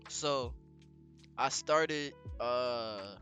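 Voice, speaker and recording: A young man casually telling a story on a podcast, slangy and animated, with lots of fillers. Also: mid-range voice, extremely slow, faint music behind. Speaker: podcast co-host.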